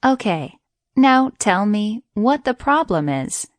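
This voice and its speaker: A woman's voice: mid-range voice, very animated, takes it slowly, dry recording, studio quality. A woman voicing a sly male jackal who pretends to be confused and makes others repeat themselves. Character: sly young male jackal, feigning slowness.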